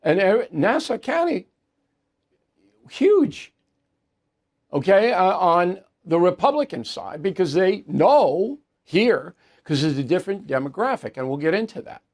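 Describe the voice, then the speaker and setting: A man's voice: high voice, big pitch swings, moderate pace, hardly any pauses, a little mellow. A man hosting an opinion news show, talking in a blunt, emphatic way. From New York area. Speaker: news commentary host. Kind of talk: opinion commentary monologue.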